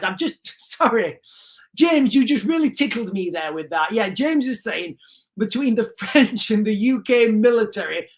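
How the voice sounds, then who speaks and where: A man's voice: very high voice, fairly bright tone. A man hosting a livestream, talking in a rambling, chatty way and laughing often. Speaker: livestream host. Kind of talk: casual livestream commentary.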